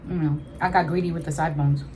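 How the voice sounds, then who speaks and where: A woman co-host chats casually during an eating show. She backs up her partner with affirming murmurs and quick asides, with faint noise behind her. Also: sits low, fairly even intonation, darkish tone. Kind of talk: casual chat while eating.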